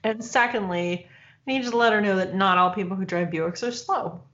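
A woman from Michigan in her forties, co-hosting a podcast in easy conversation, laughing often between lines. Her voice sits at a middle pitch and comes through a somewhat dull, lo-fi recording. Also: moderate pace, fairly bright tone. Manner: laughing, storytelling. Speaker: podcast co-host. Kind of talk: casual chat.

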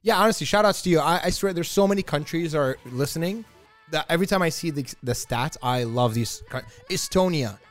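A man co-hosting a podcast in casual banter, pitching his ideas with eager insistence. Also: brisk, soft background music. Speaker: podcast co-host.

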